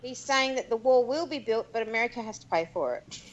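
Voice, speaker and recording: A woman's voice: on the high side, expressive, fairly quick, muffled recording. A woman co-hosting a casual chat show, making sarcastic remarks. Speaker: co-host. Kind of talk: casual banter.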